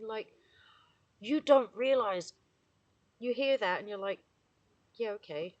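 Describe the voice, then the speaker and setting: A woman's voice: mid-range voice, slow, pauses often, a little mellow, lo-fi sound. A woman vlogging outdoors among trees in the morning, tearful and effusive, laughing often as she reflects. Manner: emotional, effusive, laughing often, bursts into singing. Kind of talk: casual spoken reflection.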